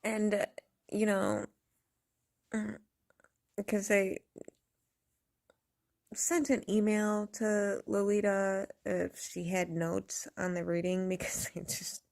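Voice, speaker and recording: A woman's voice: medium pitch, flat delivery, slow pace, gravelly, long pauses, a little mellow. A woman vlogger ranting casually to camera, blunt and profane, rambling and laughing often.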